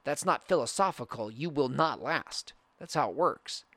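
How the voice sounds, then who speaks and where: Male podcast host, young adult, earnest reflective monologue, mid-pitched voice, dry close sound. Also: animated, normal speed, fairly bright tone, no echo. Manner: earnest, rambling with restarts.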